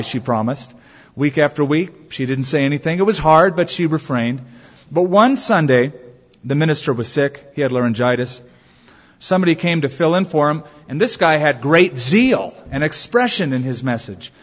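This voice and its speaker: A man pastor preaching a sermon, telling stories with drawn-out emphatic phrases. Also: a little high, lively intonation. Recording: dull sound in a reverberant hall.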